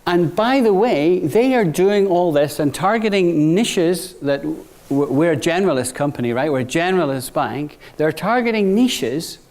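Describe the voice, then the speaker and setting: The bank executive, a middle-aged man, has a fairly high-pitched voice. His talk to fresh graduates is chatty, dotted with "right?", and goes quiet during anecdotes.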